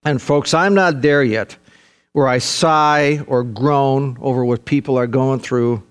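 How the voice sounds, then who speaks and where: An older man preaching a sermon in a folksy, emphatic way, swinging from soft asides to fervent, rising peaks. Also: medium pitch, steady tone, slow pace, smooth, faint music behind. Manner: folksy, peppers talk with "see" and "man". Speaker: pastor.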